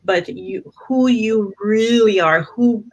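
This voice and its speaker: Slow, earnest woman on a panel. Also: medium pitch, highs cut off. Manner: earnest, measured, with frequent restarts; faith-inflected. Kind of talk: reflective panel talk.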